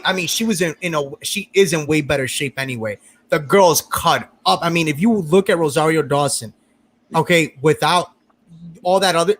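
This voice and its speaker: A man hosting a casual group review chat, animated and fond of restarting his sentences. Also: a little high. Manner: animated, talks over others, many restarts. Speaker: podcast host.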